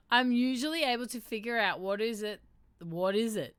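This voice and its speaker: A woman's voice: fairly high pitch, unhurried, fairly bright tone, smooth, no room sound. Woman reading a quiz aloud, dry sound. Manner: reads quiz options aloud and adds wry asides, chatting with viewers. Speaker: livestream host. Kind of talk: casual livestream chat, reading quiz statements aloud.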